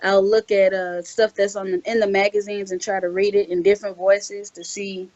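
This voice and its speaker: A woman's voice: mid-range voice, level tone, normal speed, darkish tone, dry recording. Hesitant young woman, dry and dull-sounding. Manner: hesitant, many fillers and restarts. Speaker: voice-over actress, interview guest. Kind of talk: casual interview answers.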